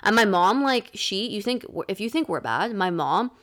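A woman's voice: mid-range voice, very animated, moderate pace, fairly bright tone. A young woman co-hosting a podcast, casually telling a story with lots of "like" and some swearing. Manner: chatty, fillers of "like", swears casually. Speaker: podcast co-host.

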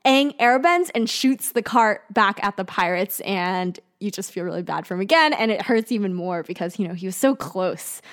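A woman's voice: mid-range voice, animated, normal speed, few pauses. A young woman co-hosting a podcast, chatting casually as she recaps an episode scene by scene. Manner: chatty, acts out quoted lines with giggles. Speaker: podcast co-host.

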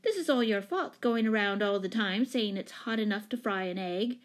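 A woman's voice: medium pitch, lively intonation, moderate pace, natural voice. A woman reading a storybook, voicing a bossy older girl who scolds loftily and sharply. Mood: scolding.

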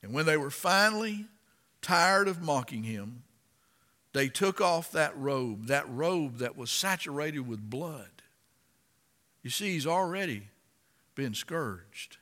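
A man preaching a sermon and reading scripture aloud, impassioned and dramatic, rising to loud emphasis. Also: fairly high pitch, animated, slow, long pauses, big-room sound.

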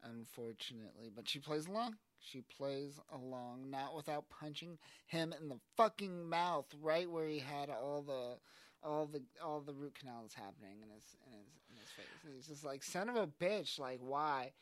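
A man co-hosting a casual comic book talk, animated, quoting characters in a raised voice. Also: medium pitch, normal speed, dry recording. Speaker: podcast co-host.

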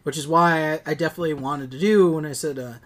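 A man's voice: a little high, steady tone, quick pace. Man, podcast co-host, casual chat, rambling, enthusiastic, filler-heavy.

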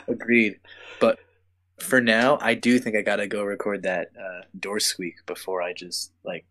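A man's voice: on the low side, level tone, measured pace, long pauses, a bit bright, rough recording. A man co-hosting a casual livestream, chiming in with short upbeat remarks and slang. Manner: brief, upbeat sign-offs and slang. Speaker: livestream co-host.

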